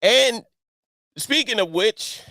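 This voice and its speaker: A middle-aged man hosting a casual commentary show, talking in an animated way, repeating himself and firing off rhetorical questions. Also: high-pitched, takes it slowly, no echo, clean studio sound. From Baltimore. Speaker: online show host.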